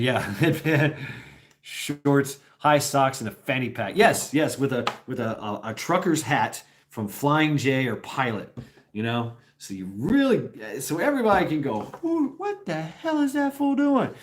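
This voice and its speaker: Rambling man with a lively voice. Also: medium pitch. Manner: rambling, many restarts, frequent chuckles. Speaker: host. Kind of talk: casual livestream chat.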